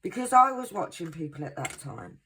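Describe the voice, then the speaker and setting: Chatty low-voiced woman vlogger. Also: sing-song, brisk, background noise. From England. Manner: chatty, self-mocking, laughs easily. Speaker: craft vlogger. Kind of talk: casual chat to viewers.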